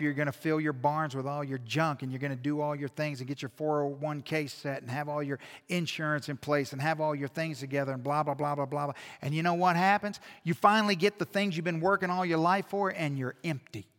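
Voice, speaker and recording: Storytelling pastor in a reverberant church. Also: male voice, a little high. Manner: animated storytelling, dropping to a hush then building loud. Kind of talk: sermon. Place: church sanctuary. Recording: long reverb in a church hall.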